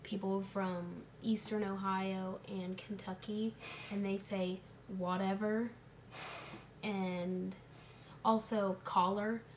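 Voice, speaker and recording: A woman's voice: mid-range voice, little pitch movement, a little hiss or hum. A young woman in casual chat, playful and giggly, teasing her friend. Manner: giggly, playful, quick to tease. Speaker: vlogger.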